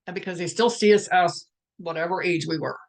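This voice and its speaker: A middle-aged woman hosting a live spiritual talk, speaking in a reflective, musing way with many restarts and pauses, and now and then putting on the voices of family members. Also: on the low side. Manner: quotes family conversations in lively voices. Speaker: spiritual empath host.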